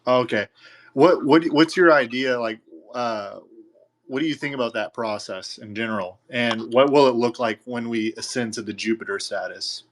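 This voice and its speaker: A man's voice: mid-range voice, normal speed. Hesitant, curious man asking questions. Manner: hesitant and curious, with filler words. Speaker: audience member asking a question. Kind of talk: casual questioning. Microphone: online audio call.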